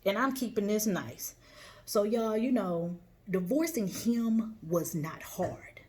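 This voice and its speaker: Woman in her forties, podcast host, animated storyteller. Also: mid-range voice, slow pace. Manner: animated, emphatic retelling with acted-out quotes.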